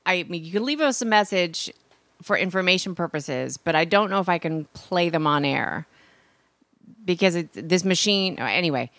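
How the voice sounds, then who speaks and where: A woman producing and co-hosting a casual sports talk show, answering the host in quick banter. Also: on the low side, expressive, a bit bright, no room sound.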